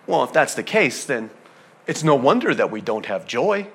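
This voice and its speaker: A man preaching a sermon as pastor, conversational and animated, dropping to soft asides and climbing to loud emphatic peaks. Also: mid-range voice, normal speed, slightly rough. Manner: conversational, with fillers and repeated phrases.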